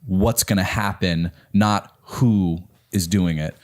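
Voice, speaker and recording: Man, casual chat, lower voice, thoughtful and hesitant. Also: slow, a crowd in the background. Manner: thoughtful, hesitant, many ums.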